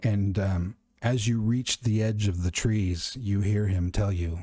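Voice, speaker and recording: A man running a horror tabletop game as game master, narrating in a calm, measured way. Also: lowish voice, dry recording, clean studio sound.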